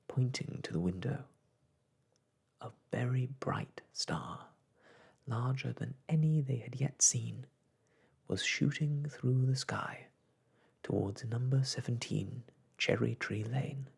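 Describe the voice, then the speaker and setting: A man reads a bedtime story as a whispered role-play, slow and soft. His whisper is husky and breathy with a gravelly edge, and it rises and falls with a lively lilt. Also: mid-range voice.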